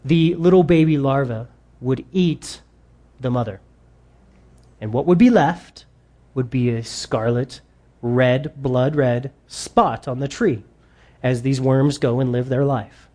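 A man's voice: medium pitch, slow pace, dark tone. A man preaching a sermon with enthusiasm, reading quotes aloud and exclaiming over them. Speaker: pastor.

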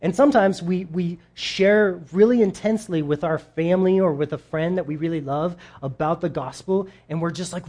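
A man preaching a sermon in a casual, conversational way, acting out quoted voices with big jumps in pitch and talking straight to his audience. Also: normal speed, hardly any pauses, a little mellow. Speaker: pastor.

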